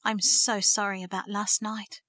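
A woman's voice: medium pitch, little pitch movement, measured pace, bright, forceful tone, no echo, studio quality. Woman reading a sobbing remorseful young man. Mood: pleading. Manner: shaky, sobbing pleas.

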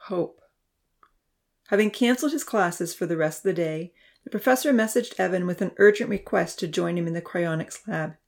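A woman narrating a novel in a steady, measured reading voice. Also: lowish voice, vocal fry. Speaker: audiobook narrator. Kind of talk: scripted narration.

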